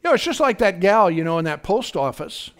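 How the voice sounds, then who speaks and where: Man, pastor, fervent sermon, high-pitched, very animated delivery. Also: a little fast. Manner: fervent preaching, frequent "praise God" and "are you listening to me?".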